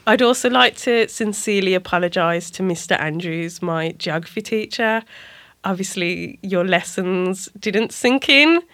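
A woman's voice: medium pitch, measured pace, fairly bright tone, no room sound. A woman co-hosting a casual podcast, talking in a playful, jokey way and laughing easily. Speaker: co-host and key holder. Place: small studio.

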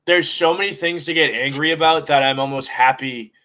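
A man's voice: a little high, fairly even intonation, brisk, sharp tone, rough recording. A man co-hosting a sports podcast, ranting heatedly with lots of swearing in casual talk.

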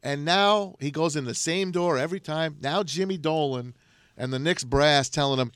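A man's voice: a little high, moderate pace, fairly bright tone, clear, resonant tone, no room sound. A man hosting a sports talk show in a studio, upbeat and welcoming. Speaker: podcast host.

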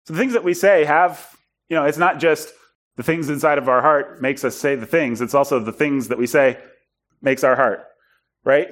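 A man preaching in a storytelling style, animated and self-deprecating, acting out bits of dialogue. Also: on the high side, moderate pace. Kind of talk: storytelling sermon.

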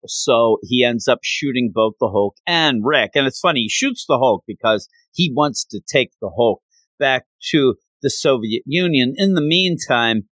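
A man's voice: medium pitch, expressive, measured pace, fairly bright tone, no echo. A man casually retelling a comic book story in a chatty, digressive way.

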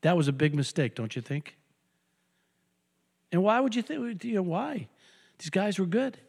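Older pastor guy, highish voice, jokey storyteller, lots of echo in the church. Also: normal speed, creaky, husky. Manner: animated, joking storyteller with emphatic repetition. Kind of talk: sermon. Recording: long hall reverb.

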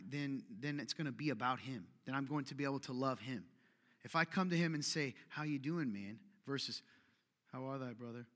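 Bright-voiced male pastor joking through a sermon. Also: a little high, big-room sound. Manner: joking, conversational preaching with quick asides and acted-out quotes.

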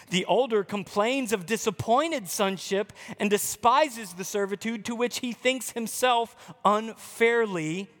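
Male pastor, high voice, impassioned sermon, long hall reverb, church. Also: fairly bright tone. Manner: impassioned preaching, voicing a complaining believer. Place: church building.

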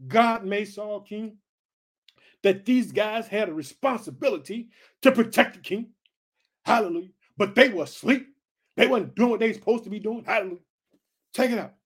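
Man, preacher, sermon, emphatic exhortations, questions to listener, very high voice. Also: normal speed, long pauses, husky. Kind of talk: sermon on a scripture reading.

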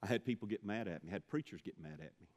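A man's voice: lowish voice, animated, fast, a little mellow, in a large hall. A man from Mississippi, preaching a sermon, telling stories and building to impassioned pleas. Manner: storytelling, rising to impassioned pleading.

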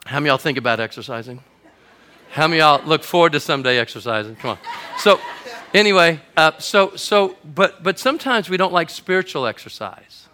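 A middle-aged man, a pastor, preaching to a congregation and telling a comic story that builds to shouts at its climax. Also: high voice. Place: church auditorium before a congregation.

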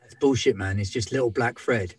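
A man's voice: mid-range voice, a little fast, husky. A man playing a tabletop character in a put-on accent, blunt, dismissive and swearing. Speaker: tabletop role-player. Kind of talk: in-character tabletop role-play.

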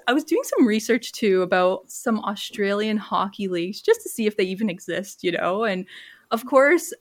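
Bubbly woman podcast host. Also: medium pitch. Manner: bubbly, giggly, stumbles over words. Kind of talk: casual podcast chat.

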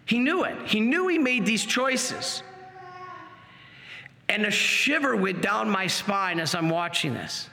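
Bright high-voiced man telling a dramatic story. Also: slow, gravelly. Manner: animated, dramatic storytelling with sudden pace shifts. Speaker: speaker giving a testimony. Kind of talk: personal testimony storytelling. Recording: long hall reverb.

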